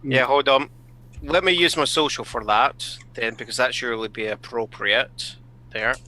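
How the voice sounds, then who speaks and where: A man playing in an online tabletop game who chats casually and keeps saying "you know". His voice has a bright, forward edge. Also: mid-range voice, moderate pace, poor audio. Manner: chatty, says "you know" a lot. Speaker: player.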